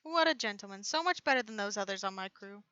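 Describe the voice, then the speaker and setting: A woman's voice: mid-range voice, expressive, fast talker, sharp tone, smooth, muffled recording. A woman playing a pirate captain character in a casual tabletop role-play. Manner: casual, laughs often. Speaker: player.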